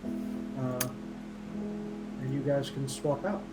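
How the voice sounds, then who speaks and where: A man narrating as game master of a tabletop game, unhurried and full of uhs. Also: mid-range voice, flat delivery, over loud music, poor audio. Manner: unhurried, filler-heavy narration.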